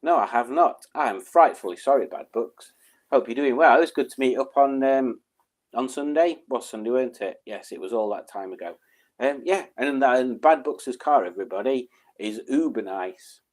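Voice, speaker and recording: A man's voice: mid-range voice, moderate pace, a little mellow. A man chatting casually on a live stream, reading out viewers' messages, rambling with ums and chuckles.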